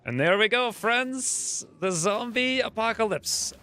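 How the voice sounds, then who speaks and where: A man with a high, bright voice streams a game, his commentary swinging wildly up and down as he yelps at each hit. He talks slowly and leaves room between his outbursts. Faint music plays behind him. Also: clear, resonant tone. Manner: animated, yelps and cries out at hits. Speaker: gameplay streamer. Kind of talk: excited gameplay commentary.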